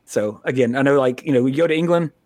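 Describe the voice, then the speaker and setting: A man's voice: mid-range voice, fast talker, a little mellow, dry recording, clean studio sound. An American man co-hosting a podcast in a casual, rambling, profane way, laughing often. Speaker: podcast co-host.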